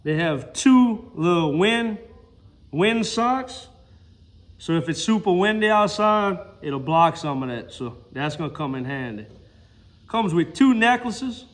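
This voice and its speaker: A man's voice: sits high, animated, measured pace, a bit bright. A man with a Mississippi accent doing a casual product review in a hot mechanic shop, talking folksy and straight to his viewers, recorded on a phone's built-in mic.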